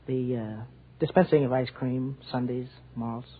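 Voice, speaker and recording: Man, quiz contestant, soft-spoken, halting, slightly husky, tinny old radio sound. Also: medium pitch, steady tone. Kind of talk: unscripted interview answers. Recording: tinny old radio broadcast with faint audience.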